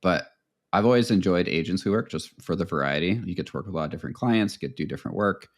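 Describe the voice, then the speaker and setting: A man with a deep, low-set voice talks casually as a guest on a podcast. His answers are relaxed and keen, rolling on in long, loosely joined sentences. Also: rapid-fire. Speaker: podcast guest, web designer. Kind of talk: casual interview chat.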